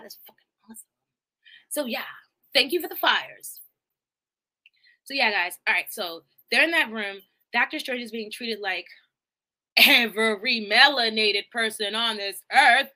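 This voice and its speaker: Woman streamer doing a casual recap, rambling and profane, with a bright, slightly high voice. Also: normal speed, long pauses. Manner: rambling, swearing, animated, laughing asides. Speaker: live streamer. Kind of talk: casual movie recap chat.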